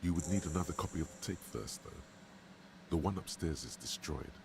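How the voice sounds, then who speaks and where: A wry, deep inner-voice narrator. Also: male voice, lively intonation, creaky, noisy background. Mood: sardonic. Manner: dry, sardonic, measured.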